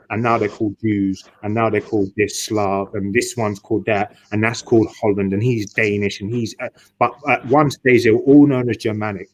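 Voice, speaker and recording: A man's voice: on the low side, poor audio. Rambling swearing man. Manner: repetitive, restarts often, swears, emphatic. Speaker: speaker in an online discussion. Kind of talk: rambling casual monologue.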